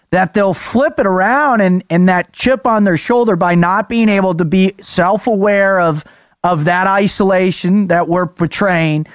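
A man's voice: high voice, clean tone, dry recording, clean studio sound. A male podcast host asking probing, conversational follow-up questions. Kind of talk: interview questions.

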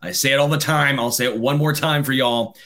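A man co-hosting a sports podcast, speaking. He rattles off ad copy at speed and rants with animation about football. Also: mid-range voice. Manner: rapid-fire ad reading, animated ranting. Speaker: podcast co-host. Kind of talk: casual sports chat and read ad.

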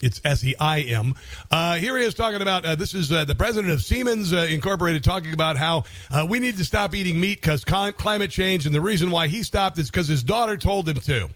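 Male talk host, sarcastic and digressive, slightly high pitch, close dry mic. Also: lively intonation, brisk, fairly bright tone, dry recording. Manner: sarcastic, mocking, rambling with fillers. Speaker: radio talk show host. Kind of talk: conservative talk radio commentary.

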